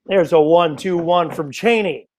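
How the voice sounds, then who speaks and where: High-voiced chatty darts commentator man. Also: a little slow, a little hiss or hum. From United States. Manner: chatty, joking asides to viewers. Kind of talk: live sports commentary.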